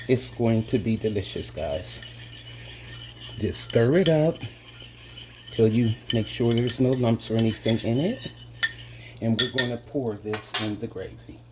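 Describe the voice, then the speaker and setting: A man's voice: on the low side, unhurried, pauses often, noisy background. A man hosting a casual cooking demonstration in a home kitchen, chatting to his viewers as "guys" and savoring each taste with little hums. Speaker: home cooking channel host.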